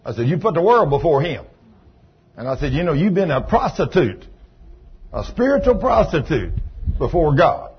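A man preaching a sermon, telling healing stories in a folksy way that moves from hushed retelling to loud praise. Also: a little high, very animated, normal speed, pauses often, slightly rough. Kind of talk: sermon storytelling. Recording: dull lo-fi recording with faint noise.

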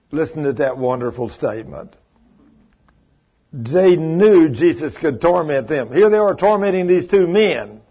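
A man's voice: on the high side, highs cut off. A man preaching a fervent sermon in a church, mixing stories with scripture reading. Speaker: pastor.

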